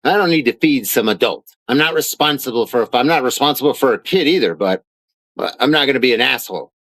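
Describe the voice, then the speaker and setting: A man's voice: medium pitch, expressive, fast talker, fairly bright tone, no echo. A man ranting angrily in a vlog, heated, profane and sarcastic. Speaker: vlogger. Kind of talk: angry rant reading out documents.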